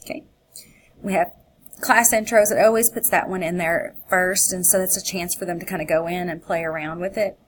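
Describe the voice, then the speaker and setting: A woman's voice: on the low side, fairly even intonation, fairly quick, slight background noise, low-quality recording. A woman teacher narrating a screencast tutorial in a chatty, upbeat way, thinking aloud as she clicks through steps.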